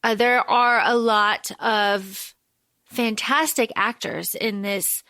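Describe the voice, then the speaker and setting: A woman's voice: a little high, fairly even intonation, slow, sharp tone, dry recording. A woman co-hosting a podcast in casual chat, playful, given to dramatic asides and repeating herself. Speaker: podcast co-host.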